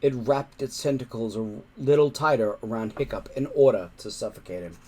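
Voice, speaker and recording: A man reading a children's book aloud, careful and measured, with small slips he corrects. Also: mid-range voice, mellow. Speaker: reader.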